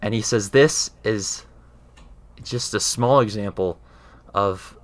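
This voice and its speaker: A man's voice: on the low side, takes it slowly. A man in casual explanatory talk, earnest, often checking in with his listener as he explains. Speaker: speaker explaining faith.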